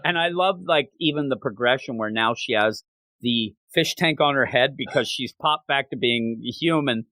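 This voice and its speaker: A man's voice: medium pitch, moderate pace, bright, forceful tone, no echo. A man hosting a manga review podcast in casual chat. He talks with animation and often slips into quoting characters.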